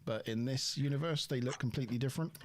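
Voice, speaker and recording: A man hosting a relaxed online review chat from home, his voice in an ordinary middle pitch. He is agreeable and easygoing and chuckles often as he goes. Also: quick pace, a little hiss or hum. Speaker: podcast host. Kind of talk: casual chat, reviewing a TV episode.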